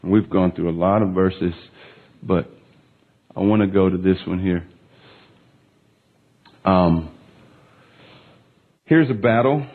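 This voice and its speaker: A man's voice: deep voice, takes it slowly, pauses often. A man in his thirties preaching a sermon, telling a story about his young daughter and then building to emphatic, impassioned peaks. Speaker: pastor. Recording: tinny phone-like sound.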